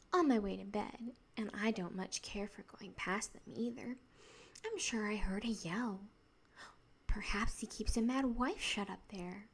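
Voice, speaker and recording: A woman's voice: fairly high pitch, breathy edge, full character voice. Woman doing a miserable whispering boy. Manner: miserable, wound-up and complaining. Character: sulky, upset young boy.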